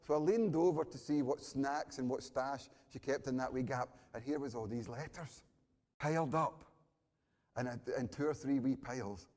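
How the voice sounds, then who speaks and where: A Scottish man, a pastor telling a story in a sermon, animated and sometimes dropping to a hushed voice. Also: mid-range voice, normal speed. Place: church hall. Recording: long church hall reverb.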